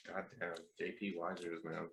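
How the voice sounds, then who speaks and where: A man's voice: deep voice, level tone, normal speed, a bit bright, slight background noise. A man co-hosting a casual podcast, telling stories animatedly and swearing freely. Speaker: podcast co-host. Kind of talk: casual chat, storytelling. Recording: echoey room.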